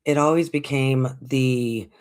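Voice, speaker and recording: A woman's voice: very deep voice, slow pace. A woman in her forties telling a story casually as a livestream host, acting out the voices of the people in it and laughing often. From United States. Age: 40s. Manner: animated, acts out quoted voices, laughs often.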